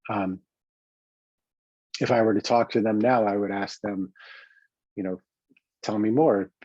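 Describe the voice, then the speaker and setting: A man with a New York accent talks through coaching exercises in a calm, reflective manner, often pausing and restarting. His voice sits low and mellow. The recording is dry and a little dull. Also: slightly rough, dry recording. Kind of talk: self-help teaching talk.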